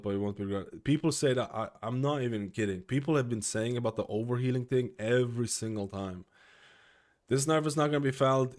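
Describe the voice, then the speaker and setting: A man's voice: lowish voice, darkish tone. Breathless, rambling male streamer. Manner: rambling, uses lots of fillers like "like" and "you know". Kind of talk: casual live-stream commentary.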